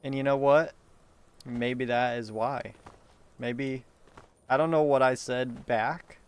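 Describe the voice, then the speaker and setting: A man's voice: medium pitch, steady tone, takes it slowly, clean tone. A man talking in a rambling solo monologue, meandering and profane, with frequent laughs and restarts.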